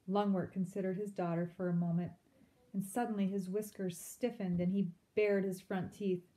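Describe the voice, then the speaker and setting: A woman reading a children's novel aloud, with expressive storytelling and asides to her listeners. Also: medium pitch, moderate pace. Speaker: reader.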